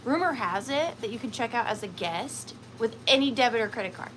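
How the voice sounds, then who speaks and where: A woman's voice: fairly high pitch, lively intonation, fairly quick, fairly bright tone, slight background noise, poor audio. A woman from Georgia, hosting a casual livestreamed vintage and antique sale. She chats in a rambling way, laughs often and uses lots of fillers. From Georgia, USA.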